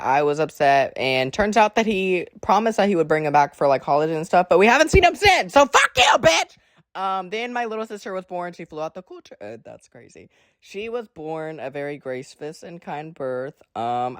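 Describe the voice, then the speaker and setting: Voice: medium pitch, expressive, fairly quick. A teenager from Alabama doing a draw-my-life storytime, chatty and rambling, swearing often and distracted while drawing. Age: teens. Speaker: creator.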